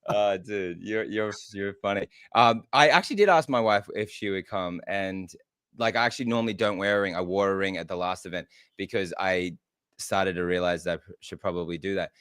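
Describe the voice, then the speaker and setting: A man's voice: low voice, brisk, a bit bright, smooth, no room sound, studio quality. A man from Australia, a guest on a podcast, talking earnestly, restarting often and laughing easily. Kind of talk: casual interview chat.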